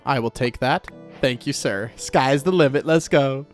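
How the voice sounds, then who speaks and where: A man's voice: medium pitch, unhurried. A man hosting a video game let's play, chatting casually, laughing often and talking back to the game. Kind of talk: casual gameplay commentary. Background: game music.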